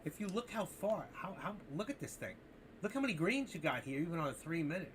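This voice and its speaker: A man hosting a live trading stream, talking to viewers in an excitable, rambling, joking way. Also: sits high, quick pace, slight background noise. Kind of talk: casual live-stream commentary.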